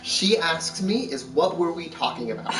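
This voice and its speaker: A man's voice: fairly high pitch, expressive, normal speed, fairly bright tone. A man telling amused, exasperated stories in a casual family chat. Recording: distant, echoey, with music behind.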